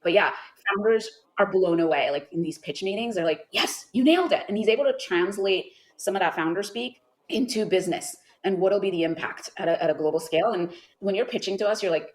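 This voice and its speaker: A middle-aged woman answering interview questions as a venture investor, animated, with lots of fillers and asides. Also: mid-range voice, a little fast, few pauses, rough recording. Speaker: venture capital investor guest.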